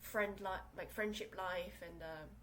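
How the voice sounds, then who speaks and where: Recorded on poor audio with a little hiss or hum, this young South Korean woman hosts a relaxed solo podcast from her small room in English, her second language. Her mid-range voice is fairly bright, with fairly even intonation and a slightly slow pace. She rambles, full of fillers and restarts.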